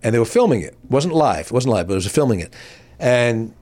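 Sixties male guest, mid-pitched, animated storyteller who acts out the people he quotes. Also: quick pace. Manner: animated anecdotes with bursts of high-pitched quoted voices. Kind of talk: casual chat, storytelling.

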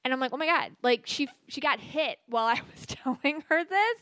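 Woman host, casual rambling monologue, full of fillers; bright pitch, dry close mic. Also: expressive, normal speed, no room sound. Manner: chatty, many fillers and restarts. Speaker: podcast host and psychic medium.

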